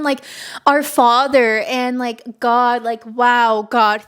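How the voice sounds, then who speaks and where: A woman in her twenties hosting a podcast solo, telling a personal story in a gushing, chatty way, full of "like" fillers and easily moved to giggles. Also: fairly high pitch. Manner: often emotional and giggly. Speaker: podcast host.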